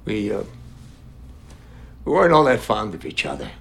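An actor playing a lonely old widower, folksy and reflective, in a film scene. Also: male voice, lowish voice, wildly swooping pitch, moderate pace, vocal fry, exaggerated voice. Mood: wistful. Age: older.

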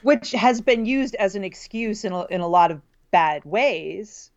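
A woman's voice: medium pitch, animated, unhurried, darkish tone, dull audio. A woman who teaches college writing, co-hosting a casual talk and laughing often between fillers. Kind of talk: casual conversation.

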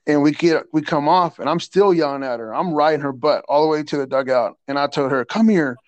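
A man telling a coaching story in a casual chat, animated and slangy, stumbling over repeated words and laughing often. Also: a little high, a little fast, clear, resonant tone, no echo. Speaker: podcast guest, assistant softball coach.

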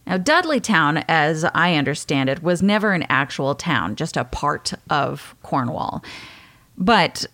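A woman's voice: low voice, sing-song, unhurried, fairly bright tone. A woman hosting a podcast, telling a story in a chatty way and laughing often. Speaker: podcast host. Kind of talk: casual storytelling chat.

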